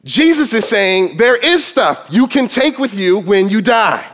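A man with a notably high voice preaches a sermon. He leans into his points with emphasis. Now and then he slips into dramatic voices to quote scripture. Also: big pitch swings, unhurried, a bit bright. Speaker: pastor.

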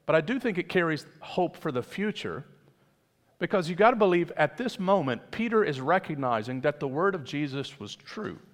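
A man delivers a sermon in a relaxed, conversational way, often asking his listeners rhetorical questions. His voice sits at a middle pitch and carries a long reverb, as if he is speaking in a church sanctuary. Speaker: pastor.

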